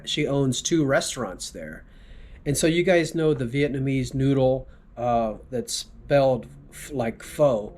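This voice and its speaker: A man from South Texas, a tour driver, casually telling rambling jokes and stories and often clearing his throat. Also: medium pitch, darkish tone, a little hiss or hum. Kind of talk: casual storytelling.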